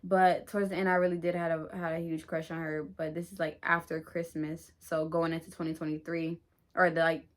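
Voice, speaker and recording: A woman's voice: low voice, flat delivery, fairly quick. A young adult woman vlogger in a chatty, slangy storytime who laughs at herself. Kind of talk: casual storytime.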